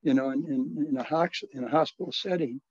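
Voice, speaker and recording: A man in his eighties, a retired priest, recounting his past in an interview in a halting way, with many restarts and soft chuckles. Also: on the high side, husky, dry recording. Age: 80s. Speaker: retired Catholic priest and social worker. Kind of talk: reminiscing in an interview. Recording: dull, lo-fi, dry recording.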